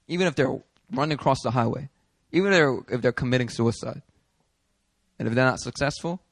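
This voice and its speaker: A man preaching a sermon as a pastor, telling a story in an animated way, acting out the people he quotes and laughing as he goes. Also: medium pitch, gravelly, no echo. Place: church hall.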